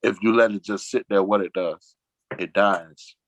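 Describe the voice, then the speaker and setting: A man, chatting casually as a talk-show guest, rambling and slangy, acting out quoted friends in a lower voice. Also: fairly even intonation, moderate pace, a bit bright, dry recording, rough recording. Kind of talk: casual chat.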